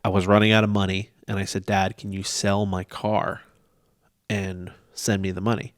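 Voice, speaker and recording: A man's voice: low voice, flat delivery, moderate pace, no room sound, clean studio sound. A man in his forties co-hosting a church podcast, chatting in an easygoing way and joking back and forth. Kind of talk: casual church podcast chat.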